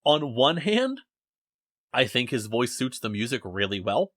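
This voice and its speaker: Young guy rambling on a podcast, animated, jokes at himself, dry sound. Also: mid-range voice, unhurried, no echo. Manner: rambling, self-deprecating, animated. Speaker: podcast host. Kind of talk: casual podcast chat. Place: home basement.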